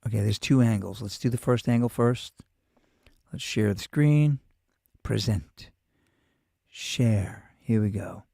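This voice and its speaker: New york guy rambling and cussing, gravelly voice, dry close sound. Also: lowish voice, takes it slowly, long pauses, dark tone, no echo. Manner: profane, rambling, restarts often. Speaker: host. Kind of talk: rambling casual monologue.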